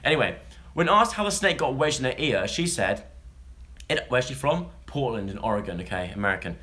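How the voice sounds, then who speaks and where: A man's voice: lowish voice, animated, fairly quick, pushed and bright. A young man, chatting casually as he reads odd news stories to viewers, jokey and rambling. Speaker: vlogger. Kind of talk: casual chat, reading news stories to a live audience.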